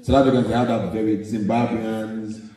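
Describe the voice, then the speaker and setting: A Nigerian man with a Nigerian accent performing animated live stand-up comedy. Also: on the low side, moderate pace. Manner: animated, storytelling. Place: live venue hall. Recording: echoey live hall, distant mic.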